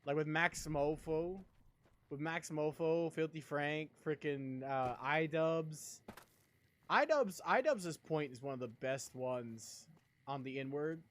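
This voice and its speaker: A man's voice: fairly high pitch, slow. A young man live-streaming, chatting casually in a rambling, profane way and laughing a lot. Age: young adult.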